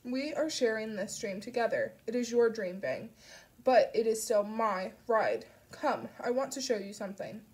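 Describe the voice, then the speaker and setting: Creepy coaxing old chauffeur guy, as a lady reader does him, solemn and louder, storybook. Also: on the high side, expressive, moderate pace, close to an everyday voice. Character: smooth-talking sinister older male chauffeur.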